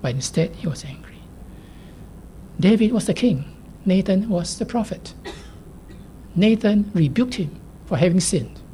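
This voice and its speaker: A woman preaching a sermon in a measured, emphatic way, at times sinking to a near whisper. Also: fairly low pitch, mellow, slight background noise.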